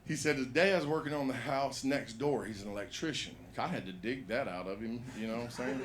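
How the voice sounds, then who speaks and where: A man's voice: medium pitch, fairly quick, few pauses, background noise. A man telling a rambling, profane stand-up story at an open mic in a comedy bar.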